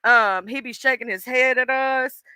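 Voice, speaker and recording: A woman's voice: high voice, unhurried, bright, forceful tone, clear, resonant tone, no echo, poor audio. A woman hosting a casual live stream, chatting and laughing, greeting viewers by name.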